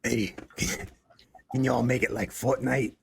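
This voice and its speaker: A man's voice: medium pitch, flat delivery, takes it slowly, creaky, husky, full character voice. A man doing a put-on impression of a pushy client with a thick New Jersey accent. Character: brash male client with a thick gravelly accent.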